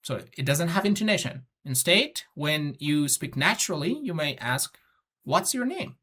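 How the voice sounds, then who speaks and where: A teacher patiently explaining a test-prep lesson, often pausing on fillers and checking in with the students. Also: mid-range voice, expressive, pushed and bright. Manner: patient, repetitive, frequent "uh" fillers and "okay?" checks; instructive, gives spoken examples.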